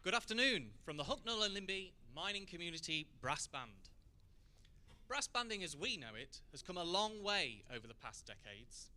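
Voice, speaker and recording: A man reading a prepared introduction for his band in a measured, formal way. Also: high voice, sing-song, sharp tone. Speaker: band spokesman.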